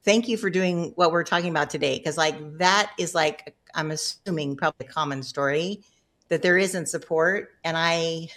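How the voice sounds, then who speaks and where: Middle-aged woman guest, low voice, warm-humored, chatty storyteller who laughs often. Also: moderate pace. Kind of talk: casual storytelling.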